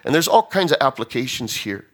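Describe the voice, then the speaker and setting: A man preaching a sermon, animated, swinging from loud emphasis to hushed tones as he acts out quotes. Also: medium pitch, brisk. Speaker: pastor.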